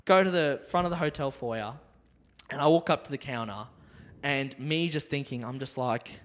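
A man on a podcast, telling a drunken travel story in a lively way, swearing a lot and acting out the other people's voices. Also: medium pitch, fairly quick, in a large hall. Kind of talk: casual storytelling.

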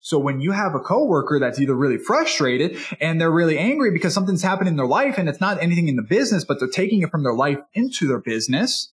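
An energetic, enthusiastic man teaching as a speaking coach in a motivational podcast talk, sometimes acting out a customer and a salesperson. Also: on the high side, fast talker, few pauses. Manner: energetic and enthusiastic, animated delivery; acts out customer and salesperson dialogue.

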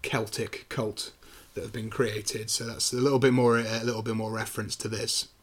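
A man co-hosting a casual film review podcast, retelling scenes with animated quick impressions. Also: fairly low pitch, slightly rough. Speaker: podcast co-host.

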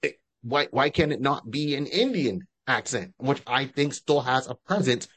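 A man's voice: mid-range voice, animated, normal speed, fairly bright tone, husky, no room sound. A man co-hosting a podcast, chatting casually and at length, often restarting his sentences. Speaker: podcast co-host. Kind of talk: casual fan-casting chat.

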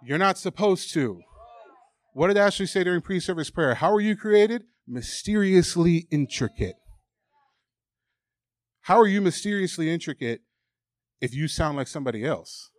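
A man's voice: on the high side, lively intonation, moderate pace, long pauses, no echo. A man preaching a sermon, emphatic and candid, reading scripture aloud and acting out the doubting voices people hear. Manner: emphatic, candid, acts out mocking inner voices.

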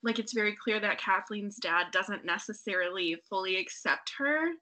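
A young woman talking casually about a book with friends, animated and quick to act out her own reactions. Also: medium pitch. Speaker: book club member.

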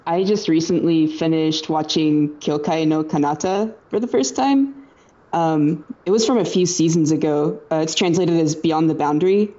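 Low mellow-voiced woman chatting. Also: moderate pace. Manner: casual, blunt. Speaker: podcast guest. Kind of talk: casual chat. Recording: dull lo-fi podcast audio.

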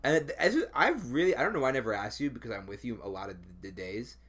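A man's voice: mid-range voice, animated, fast, fairly bright tone, husky. Joking young man on a podcast. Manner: joking, spins playful conspiracy theories. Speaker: podcast co-host. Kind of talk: casual chat. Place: friend's house.

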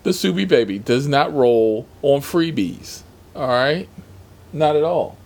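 A man's voice: medium pitch, animated, a little slow, darkish tone. A man who drives for a rideshare service, telling stories from his shifts in a sassy, heavily profane, emphatic way. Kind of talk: casual storytelling vlog.

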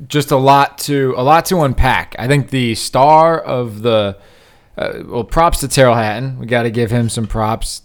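A man's voice: mid-range voice, clean tone. A man hosting a podcast in casual chat, upbeat and rambling, often correcting himself. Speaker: podcast host.

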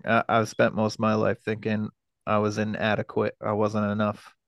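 A man in his thirties, a podcast guest telling a personal story in a halting, profane way, with many fillers and restarts. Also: on the low side, completely flat delivery, vocal fry, no echo.

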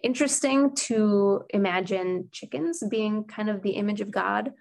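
A woman in her thirties talks through scripture in a relaxed conversation. She is thoughtful and reflective and laughs easily. Her pitch sits in an everyday middle range. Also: unhurried, vocal fry. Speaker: co-host of a scripture discussion. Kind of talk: casual Bible discussion.

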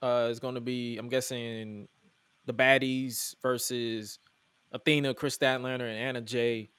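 A man hosting a podcast, recapping wrestling in casual chat, animated and incredulous as he quotes promos aloud. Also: medium pitch, measured pace, smooth, no echo. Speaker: podcast host.

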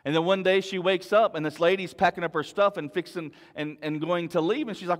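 Higher-voiced preacher in a reverberant hall. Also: male voice, a little fast, few pauses. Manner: earnest storytelling, repeats words, rises into forceful preaching. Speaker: pastor. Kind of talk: sermon.

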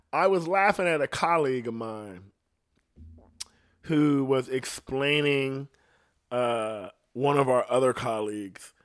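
A middle-aged man holds forth in a loose, profane rant, rambling from one story to the next. His voice sits at an ordinary middle pitch, and he drops into quick quoted voices as he tells it. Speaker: podcast host.

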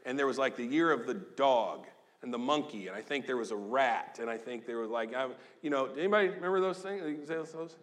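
A man in his fifties, a pastor giving a lively, joking, conversational sermon in a church. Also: medium pitch, brisk. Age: 50s. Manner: animated, joking, conversational preaching. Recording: long echo of a large hall.

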